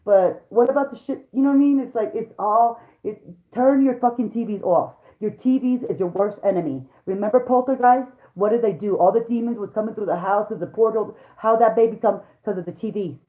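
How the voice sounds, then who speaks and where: A woman's voice: mid-range voice, a little fast. A woman vlogger and mother delivering a heated, profane rant straight to her viewers. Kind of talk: angry profane rant to camera. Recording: roomy, dull lo-fi sound.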